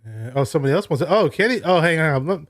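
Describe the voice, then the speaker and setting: A man hosting a casual online talk show, telling relaxed stories between songs. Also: fairly high pitch, racing, dry recording. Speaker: podcast host. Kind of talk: casual chat.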